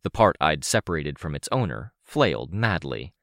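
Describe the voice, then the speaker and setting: A man reading first-person fiction aloud as an audiobook narrator, measured and vivid. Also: extremely low pitch, big pitch swings, vocal fry, a bit bright, no echo, clean studio sound.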